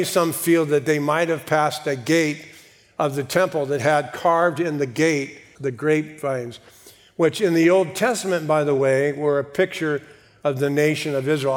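A man preaching a sermon, reading scripture slowly and deliberately with measured pauses before explaining it. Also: a little high, big-room sound. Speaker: pastor.

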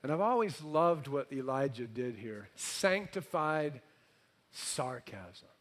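A man's voice: mid-range voice, slow. A middle-aged male pastor preaching a sermon, reading scripture dramatically and telling it with sarcastic humor. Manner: animated storytelling with sarcastic humor.

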